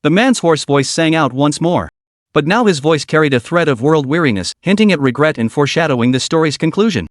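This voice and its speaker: Slightly high male narrator, dry sound. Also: expressive, brisk, no room sound. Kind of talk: scripted narration of a web novel.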